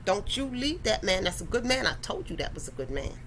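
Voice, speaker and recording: A woman voicing an elderly grandmother who speaks low and slow, insisting on advice about a man. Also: big pitch swings, a bit bright, a little hiss or hum. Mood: insistent. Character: scolding elderly grandmother giving love advice.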